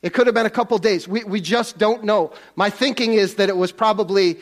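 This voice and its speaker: Man, preacher, high voice, conversational sermon, repeats and restarts words, church. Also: a little fast.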